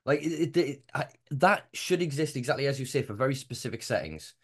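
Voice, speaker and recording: A man's voice: mid-range voice, lively intonation, fairly quick, slightly rough. A man hosting a podcast, talking in long impassioned run-on rants and swearing freely. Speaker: podcast host. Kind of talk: casual podcast conversation.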